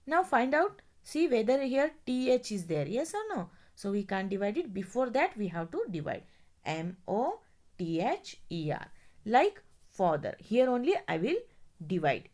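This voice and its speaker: Slow, lively woman teacher. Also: mid-range voice. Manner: explains step by step, often checks "got it?"; spells words out letter by letter. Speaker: English teacher. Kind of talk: classroom grammar lesson.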